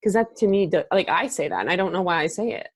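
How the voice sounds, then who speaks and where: A woman's voice: fairly low pitch, fast talker, no echo. A woman from Alberta with a Canadian accent, hosting a casual chat and laughing often. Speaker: podcast host.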